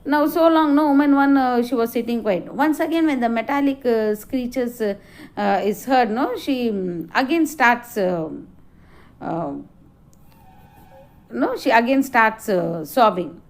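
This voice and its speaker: A middle-aged woman teacher explaining a play to a class, halting with many fillers. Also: on the high side. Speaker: English teacher.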